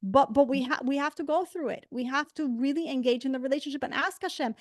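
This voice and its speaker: A woman teaching a faith class, telling a personal story in an earnest, animated way with many restarts. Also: high-pitched, fast talker, hardly any pauses, dry recording, clean studio sound.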